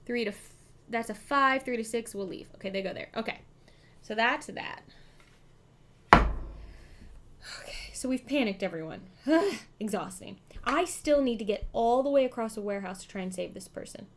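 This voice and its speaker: A woman's voice: a little high, animated, moderate pace, pauses often. A woman hosting a live board game stream, chatting, thinking aloud about her moves and thanking her chat. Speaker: streamer host.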